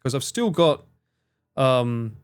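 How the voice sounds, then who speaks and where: Chatty male livestreamer, mid-pitched. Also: expressive, takes it slowly, smooth. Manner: chatty, rambling, swears casually, answers viewers by name. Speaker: livestreamer reading and answering chat. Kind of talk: casual live-stream chat.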